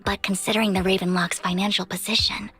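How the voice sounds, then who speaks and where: An actress voicing a composed, devoted young woman in a game, speaking in a measured, earnest way with a breathy voice. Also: medium pitch, flat delivery, pushed and bright, soft background music, natural voice. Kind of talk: game voice acting.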